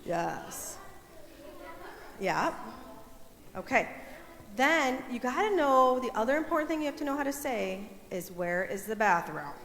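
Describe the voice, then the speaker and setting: A young woman gives a children's message, her high voice bouncing with energy as she coaxes kids to join in. Her voice rings through a roomy hall with long reverb. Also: unhurried, long pauses. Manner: animated, playful, coaxing kids to join in. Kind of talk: children's sermon, teaching kids. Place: church sanctuary. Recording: echoey hall, faint room ambience.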